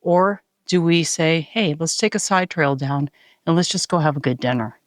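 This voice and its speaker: A woman speaking calmly and encouragingly as a hiking companion on a mountain summit, recorded on a handheld phone. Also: low-pitched, moderate pace, no echo, studio quality. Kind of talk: casual trail vlog.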